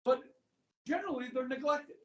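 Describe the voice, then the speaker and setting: A man's voice: extremely high pitch, brisk, distant mic, highs cut off. A middle-aged male history teacher lecturing a class in a chatty way, often checking in with his students. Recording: echoey classroom, voice from afar.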